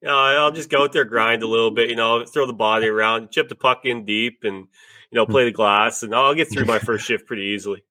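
Male podcast host, bright dry voice, rambling and profane. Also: medium pitch, steady tone, fairly quick, dry recording. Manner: rambling, swears freely, laughs often. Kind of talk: casual chat.

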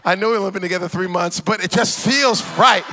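A man voicing a giddy young woman friend who has just got engaged, in a squealing high falsetto and gushing, breathless manner. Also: fast, noisy background, close to an everyday voice.

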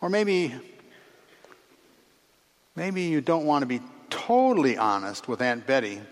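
A man preaching a sermon in a measured, earnest way, pausing between phrases and letting his voice drop at the ends of sentences. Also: medium pitch, big pitch swings. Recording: long reverb of a large hall.

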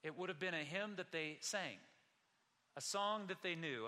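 A man preaching a sermon as pastor, with dramatic delivery that builds to shouted scripture quotes. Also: high-pitched, normal speed. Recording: long reverb of a large hall.

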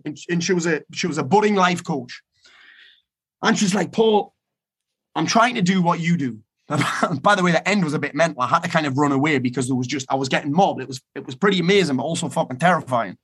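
Husky, blunt, profane man speaking high. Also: a bit bright. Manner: repeats key phrases for emphasis. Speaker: motivational speaker. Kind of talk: motivational talk to an online summit.

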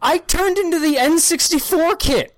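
A woman co-hosting a podcast, telling stories with excitable, profane energy and acting out scenes in little voices. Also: extremely high pitch, normal speed, no echo. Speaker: podcast co-host. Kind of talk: casual chat, animated storytelling.

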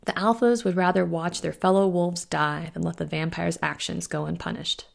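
A woman author reading her own novel aloud in a steady, measured audiobook narration. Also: on the low side, creaky.

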